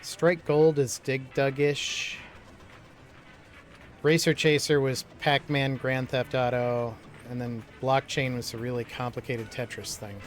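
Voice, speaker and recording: A man's voice: medium pitch, flat delivery, slow pace. A man casually chatting and rambling while he plays video games for his channel, with lots of fillers. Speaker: gaming streamer. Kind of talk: casual let's-play commentary.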